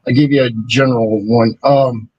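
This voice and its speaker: A man's voice: mid-range voice, fairly even intonation, normal speed, dry recording, lo-fi sound. A man in a casual panel chat, talking hesitantly with many fillers and restarts.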